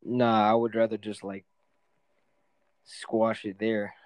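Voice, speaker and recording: A man's voice: lowish voice, little pitch movement, slow, dry recording, poor audio. A young man in casual chat, talking in a laid-back, slangy, profane way.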